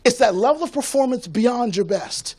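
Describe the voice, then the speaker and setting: Man, very high voice, fired-up motivational keynote, preacher-style call-and-response rhythm, from Florida. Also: expressive, normal speed, a little mellow. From Tampa, Florida. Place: conference stage before a live audience.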